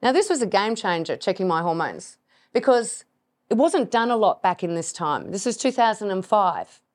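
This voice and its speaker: A middle-aged woman tells a personal story as a podcast host. Her voice sits at a middling pitch, and she keeps the telling lively, laughing and acting out her own reactions as she goes. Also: moderate pace. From Australia.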